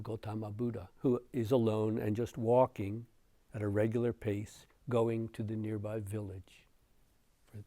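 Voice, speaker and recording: A man giving a dharma talk as a meditation teacher, telling a story in an unhurried way with soft chuckles. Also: lowish voice, no echo.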